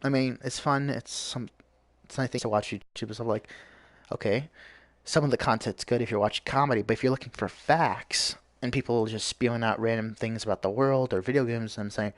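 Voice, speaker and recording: A man streams himself playing a game and talks over it, rambling from one thing to the next and cursing freely as he rants. His voice sits at an ordinary middle pitch. The sound is dry and close, with no room echo. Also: brisk. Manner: profane, ranting, rambling. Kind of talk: live gameplay commentary.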